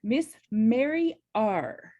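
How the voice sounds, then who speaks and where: Woman, podcast host, animated wide-ranging pitch, effusive, casual. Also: extremely slow, muffled recording. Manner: enthusiastic, effusive reactions. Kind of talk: casual chat.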